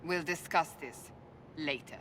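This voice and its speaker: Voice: mid-range voice, a little slow, a bit bright, slight background noise, lightly acted. An actress voicing a stern, blunt warrior woman in a video game, speaking firmly. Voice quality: blunt, firm.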